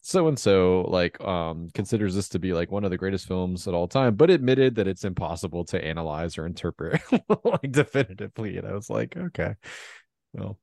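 A man's voice: deep voice, animated, a little fast, hardly any pauses, a little mellow, no echo. A man co-hosting a podcast, talking about films in a rambling, casual way with lots of fillers and easy laughs. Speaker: podcast co-host. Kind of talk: casual film discussion.

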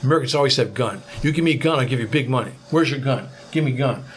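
A man's voice: medium pitch, fast talker, a little hiss or hum, lightly acted. A man voicing a volatile, middle-aged man in charge who speaks in clipped, broken English as he rants and makes demands. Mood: demanding.

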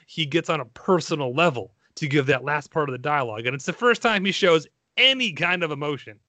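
A man's voice: on the high side, animated, fairly quick, sharp tone, dry recording. A man hosting a podcast, talking enthusiastically and rambling, with frequent restarts and self-deprecating asides. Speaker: podcast host. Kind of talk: casual podcast chat.

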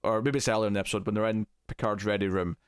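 A man in casual podcast chat, recapping a TV episode in a rambling, animated way and acting out quotes. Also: fairly low pitch, racing, clean tone, no echo, studio quality. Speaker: podcast co-host.

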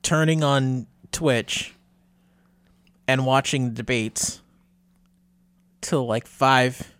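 Halting male co-host, dry close sound. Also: medium pitch, a bit bright, clean tone, no echo. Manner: halting, restarts, laughs into his words. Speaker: radio show co-host. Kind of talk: casual radio chat.

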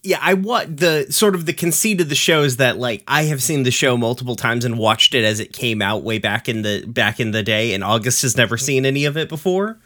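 A man hosting a casual podcast, talking haltingly, laughing often and swearing casually. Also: medium pitch, pushed and bright. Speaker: podcast host. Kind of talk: casual chat.

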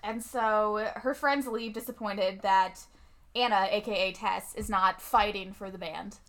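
A young woman casually recapping a movie with a friend, chatty and quick to laugh as she acts out lines. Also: mid-range voice, steady tone, fairly bright tone. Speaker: podcast co-host.

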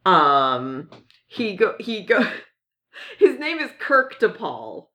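A woman's voice: medium pitch, very animated, slow, fairly bright tone. A woman co-hosting a casual podcast chat, rambling with many fillers and restarts, often giggling. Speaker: podcast co-host. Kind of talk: casual chat about comics.

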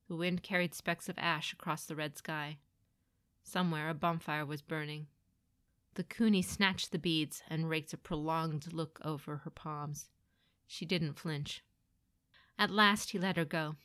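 Low dry woman narrating a dark tale. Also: measured pace, clean tone, no room sound. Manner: dramatic, expressive reading. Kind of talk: storytelling narration.

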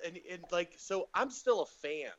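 A man's voice: moderate pace, muffled recording. A man telling stories as a comedian guest on a podcast, casually acting out other people's lines with big jumps in his voice. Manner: animated storyteller, acts out quotes with big pitch jumps.

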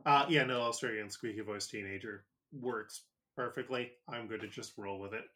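A man's voice: lowish voice, normal speed, pushed and bright, a little hiss or hum. A man co-hosting a casual comedy podcast, enthusiastic and joking, with profanity thrown in. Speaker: podcast co-host.

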